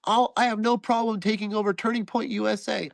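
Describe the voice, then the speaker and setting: A man's voice: high-pitched, level tone, fairly quick, creaky, dry recording, pitched above the performer's own voice. A man doing an impression of a self-assured male pundit, in a stuffed-up, nasal voice. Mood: earnest.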